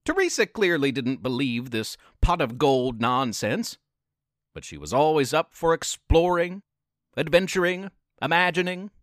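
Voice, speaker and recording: Man narrating a kids story slow, lively pitch, dry close mic. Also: no room sound. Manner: slow, expressive reading. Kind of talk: scripted narration.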